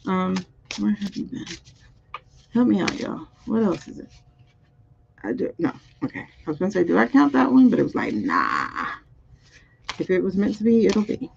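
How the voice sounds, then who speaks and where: Woman reading cards on a livestream, thinking out loud and talking to chat, kinda raspy, low hiss behind. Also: wildly swooping pitch, moderate pace, long pauses. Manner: muses aloud over the cards, chatting with viewers. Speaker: spiritual card reader. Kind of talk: live-streamed card reading. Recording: dull, muffled audio.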